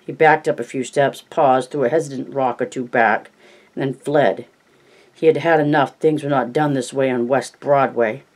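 A man narrating a novel in an even, measured storytelling voice. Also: medium pitch, poor audio. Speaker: audiobook narrator.

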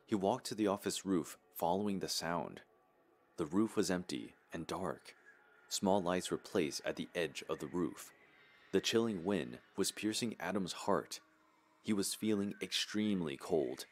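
Very deep-voiced horror story narrator. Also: male voice, unhurried.

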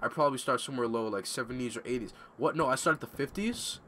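A man's voice: medium pitch, quick pace, fairly bright tone, slight background noise. A young man giving casual, ranting gameplay commentary at home, swearing freely. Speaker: gamer commentator. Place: home room.

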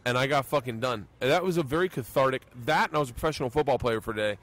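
A man's voice: medium pitch, very fast. A middle-aged male comedian hosting a podcast, telling profane stories and acting out quotes in a loose, casual way. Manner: profane, animated storytelling with acted-out quotes.

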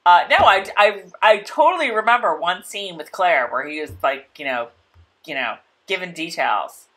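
A woman's voice: lowish voice, lively intonation, normal speed, fairly bright tone. A woman co-hosting a casual show recap, chatty and full of "like" and laughter. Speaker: podcast co-host.

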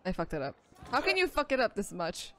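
A woman's voice: mid-range voice, huge pitch swings, brisk, sharp tone, a little hiss or hum. A young adult woman streaming a game with casual commentary, swearing freely, laughing often and breaking into exasperated outbursts.

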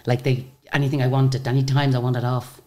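An Irish woman with a notably deep voice tells a story as an interview guest. She talks in a chatty, rambling way, full of asides and restarts. She slips into the voices of the people in her tale as she goes. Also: brisk. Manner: lively storyteller who acts out the people she quotes.

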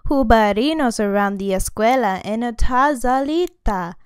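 A woman voicing the biggest of a gang of small male chihuahuas, excited and slangy. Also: fairly high pitch, unhurried, clear, resonant tone, no echo, studio quality. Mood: urgent.

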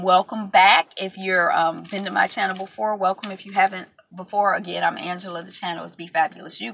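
Chatty woman vlogger, casual recap delivery, bright tone with some fry. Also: medium pitch. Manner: chatty, lots of ums and you-knows, playful sign-off.

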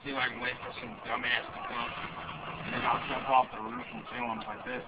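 A man's voice: mid-range voice, big pitch swings, brisk, vocal fry. A man playing a crude, cursing redneck gamer who grumbles a running commentary while he plays. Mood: grumbling. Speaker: gamer character in a comedy skit. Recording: muffled lo-fi home recording with loud background noise.

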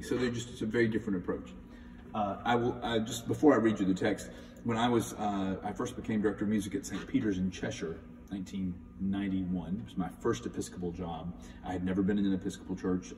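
A man's voice: on the low side, warm tone, slight background noise. A middle-aged man, a church music director, giving a conversational talk on hymns and reading the texts aloud with emphasis. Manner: thoughtful, conversational, reads hymn texts with emphasis. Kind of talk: spoken hymn talk with readings. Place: large church sanctuary. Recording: echoey church from a distance.

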